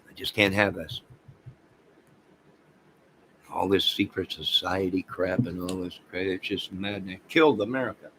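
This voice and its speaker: A man's voice: low voice, steady tone, brisk, a bit bright, a little hiss or hum, low-quality recording. A man hosting a casual livestream, rambling and talking straight to his viewers. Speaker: livestream host.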